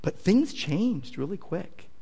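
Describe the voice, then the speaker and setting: A man's voice: high voice, very animated, slow pace, vocal fry, mellow, husky. A male pastor preaching a sermon in a conversational, emphatic way, with casual asides to the congregation.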